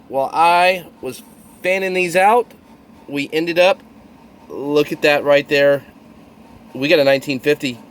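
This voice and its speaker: A man with a somewhat high voice narrates his coin hunt for viewers, bursting with excitement. A faint background hum sits under his voice. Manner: thrilled, exclamatory, addresses viewers as y'all. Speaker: coin roll hunter. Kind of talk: excited hobby video narration.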